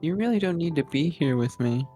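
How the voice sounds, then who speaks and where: Brief: fragile schoolgirl hiding pain behind cheer, as a player reads her lines, plain read, middle pitch. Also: animated, fairly quick, dark tone, faint music behind, natural voice. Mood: pleading. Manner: plain reading with little acting. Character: fragile teenage girl forcing cheerfulness. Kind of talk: reading game dialogue aloud.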